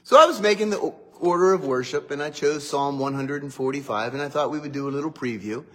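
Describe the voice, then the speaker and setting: A man's voice: fairly high pitch, fast talker. Chatty, joking male pastor. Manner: chatty, joking, animated asides. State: recovering from a cough. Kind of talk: casual morning livestream chat.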